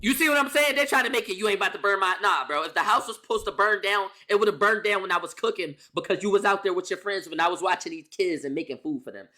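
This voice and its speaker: A young man telling a casual storytime as a streamer, animated and profane, firing off rhetorical questions and repeating lines for emphasis. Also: high-pitched.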